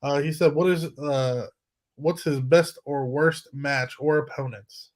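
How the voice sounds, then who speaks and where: A man hosting a podcast, reading a listener's question in a relaxed way. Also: fairly high pitch, unhurried. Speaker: podcast host. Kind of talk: casual chat.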